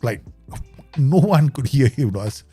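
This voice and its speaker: A man's voice: mid-range voice, very animated, unhurried, dark tone, breathy edge, dry recording, faint music behind. A man giving casual live commentary as he plays a football management game, rambling, swearing and laughing often. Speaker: game streamer.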